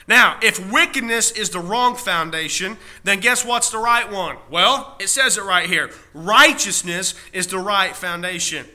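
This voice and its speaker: A man's voice: high voice, a little slow, hardly any pauses, bright, forceful tone. A male pastor preaching a sermon, driving points home with rhetorical questions and repeated key phrases, stretching out punch words.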